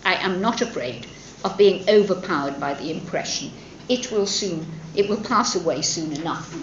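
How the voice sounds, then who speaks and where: A dry, rueful older gentleman speaks with measured irony, as a woman lecturer reads him aloud. The lines rise and fall with lively expression. The sound is roomy and a little dull. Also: on the low side, noisy background, lightly acted. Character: wry, rueful intelligent older gentleman father.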